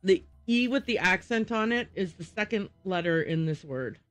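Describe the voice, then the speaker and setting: A woman's voice: medium pitch, animated, moderate pace, dry recording, soft background music. A woman streaming a game, thinking aloud and muttering to herself as she works through word puzzles. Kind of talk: casual gameplay livestream.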